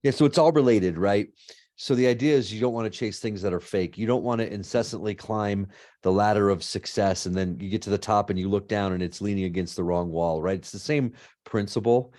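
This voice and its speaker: A middle-aged man, a law and ethics professor, answering interview questions in an animated storytelling way, often tagging "right?". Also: fairly low pitch, brisk.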